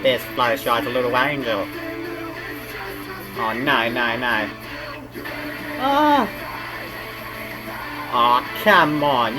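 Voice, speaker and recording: A man's voice: medium pitch, rough recording. An Australian man hosting a reaction video, groaning and exclaiming in outrage at what he watches. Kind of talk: casual reaction commentary.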